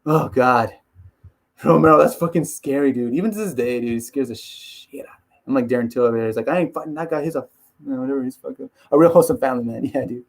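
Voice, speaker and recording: A man's voice: mid-range voice, quick pace, gravelly. A man chatting casually on a live stream as an MMA YouTuber, rambling, swearing and laughing.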